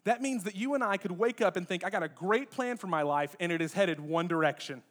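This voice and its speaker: High-voiced pastor preaching conversationally. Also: male voice, a little fast. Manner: lively, joking asides to the congregation. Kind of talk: conversational sermon. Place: church sanctuary.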